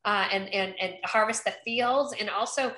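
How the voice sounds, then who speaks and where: A woman's voice: medium pitch, normal speed, sharp tone, echoey room, low-quality recording. A woman running for Congress, from North Carolina, speaking upbeat and effusive in a podcast interview, often restarting her sentences. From Eastern North Carolina. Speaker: congressional candidate.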